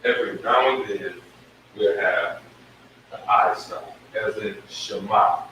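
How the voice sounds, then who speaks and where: A man teaching a live-streamed Hebrew lesson, slowly sounding out syllables at a board. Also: fairly low pitch, sharp tone, slight background noise. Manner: slow, drawn-out sounding of syllables. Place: room with a whiteboard. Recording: echoey room, mic at a distance.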